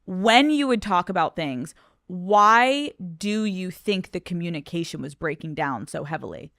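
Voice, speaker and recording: A woman's voice: fairly low pitch, expressive, a little slow, fairly bright tone, dry recording, clean studio sound. A woman hosting a podcast, asking direct questions in a casual tone and swearing freely. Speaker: podcast host. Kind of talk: interview questions.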